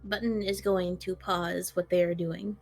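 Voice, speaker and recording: A woman's voice: fairly low pitch, level tone, measured pace, creaky, a little mellow. Casual woman playing a tabletop game. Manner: playful, voices her character's speech in quotes. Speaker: tabletop player.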